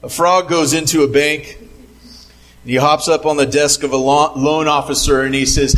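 Man telling jokes to a crowd, slightly high-pitched, halting delivery with repeats. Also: steady tone, a bit bright, a little hiss or hum, low-quality recording. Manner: halting, repeats words, plays up punchlines. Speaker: speaker telling jokes to a group. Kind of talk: casual joke-telling.

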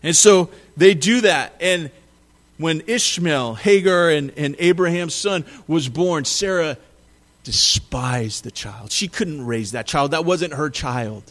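Man, pastor, conversational sermon, slightly high voice, lively emphasis. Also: takes it slowly. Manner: conversational preaching, paraphrases scripture with lively emphasis.

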